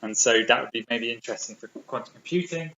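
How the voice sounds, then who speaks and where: A man's voice: medium pitch, fast, gravelly, pushed and bright, slight background noise. A British man giving a public physics lecture, eager and full of ums and restarts. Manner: enthusiastic, many ums and restarts. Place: lecture hall. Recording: roomy, slightly dull lecture recording.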